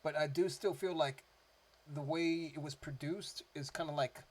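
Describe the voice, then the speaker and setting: A man's voice: a little high, fairly even intonation, normal speed. A man giving casual, rambling reaction commentary as a music reaction host, his talk loose and full of "like" fillers.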